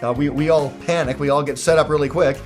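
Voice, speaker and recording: A man's voice: on the high side, fairly even intonation, fast, darkish tone, soft background music. A man, a cartoon creator, telling a jokey, self-mocking story in a casual vlog.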